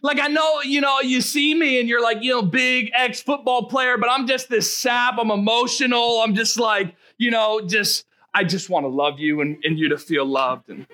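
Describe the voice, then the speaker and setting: Animated young preacher with a bright voice. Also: male voice, very high voice, moderate pace, hardly any pauses. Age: young adult. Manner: animated, exclaiming, calls out to congregation. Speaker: pastor. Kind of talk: sermon with personal story.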